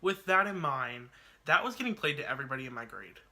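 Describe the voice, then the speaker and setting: A man's voice: medium pitch, expressive, fast, sharp tone, a little hiss or hum. A man telling a personal story on his vlog in a chatty, dramatic way, full of "like" and asides. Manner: chatty, dramatic retelling peppered with "like". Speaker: YouTuber.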